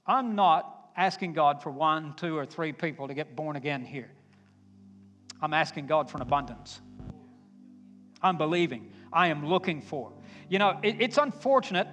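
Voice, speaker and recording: A man preaching a sermon to a congregation, emphatic and building to forceful exhortation. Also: fairly high pitch. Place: church sanctuary. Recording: long hall reverb, faint guitar. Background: faint guitar music.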